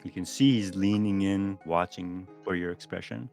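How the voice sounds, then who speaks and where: Low-pitched man running a tabletop game, easygoing, loose narration. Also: moderate pace, vocal fry, soft background music. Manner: relaxed, chatty, with frequent ums and self-corrections. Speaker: game master.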